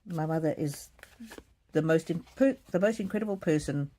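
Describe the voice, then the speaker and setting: A woman's voice: deep voice, normal speed, dark tone. A middle-aged woman hosting a card-reading live stream tells a personal story in an earnest, emotional way, often restarting her sentences.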